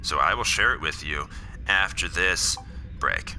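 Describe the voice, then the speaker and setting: A man's voice: low-pitched, animated, unhurried, background noise. A man giving heated, profane commentary straight to his viewers while playing a game. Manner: heated, swears, talks to the audience directly. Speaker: political commentator. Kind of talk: ranting commentary while gaming.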